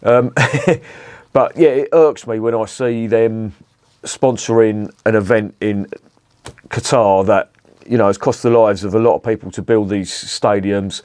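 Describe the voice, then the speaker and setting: Middle-aged london bloke, low voice, blunt rambling beer chat, swears a lot, dry sound. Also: male voice, fairly even intonation, unhurried, a little mellow, no room sound. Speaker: beer reviewer. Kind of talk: casual vlog chat.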